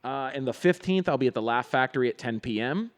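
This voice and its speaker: A man's voice: medium pitch, animated, fast talker. Joking male comedian podcast host. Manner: joking, rambling with many fillers. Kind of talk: casual podcast chat. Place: studio room in a comedy theater.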